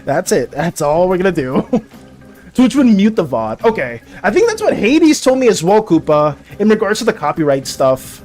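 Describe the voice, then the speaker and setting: Excitable young man ranting while streaming. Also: high voice, moderate pace. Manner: excitable ranting, stammering restarts, frequent laughter. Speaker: art streamer. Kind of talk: casual live-stream chat.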